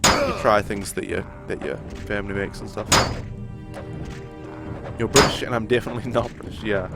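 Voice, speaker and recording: A man's voice: fairly low pitch, normal speed. A young man from New Zealand with a New Zealand accent, chatting casually with his stream chat while playing a game. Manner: relaxed, rambling, laughs often. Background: game music.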